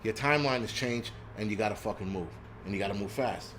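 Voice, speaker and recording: Here the voice is lowish, fast and fairly bright, with slight noise in the background. It's a New York City man hosting a prepping stream, ranting bluntly and angrily, cursing a lot and stumbling through restarts and stammers.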